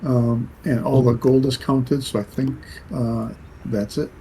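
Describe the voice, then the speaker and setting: A man's voice: mid-range voice, steady tone, a little slow, dark tone, slight background noise, poor audio. A man playing in a tabletop game, stating his characters' actions in a matter-of-fact way. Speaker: player. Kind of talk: tabletop game play over voice chat.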